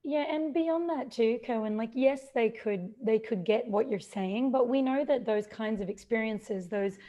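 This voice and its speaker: A woman's voice: on the high side, normal speed, dark tone. A woman in her forties hosting a podcast, talking openly and reflectively about her own business. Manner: open and reflective, with small restarts. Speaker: podcast host. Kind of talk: casual podcast conversation.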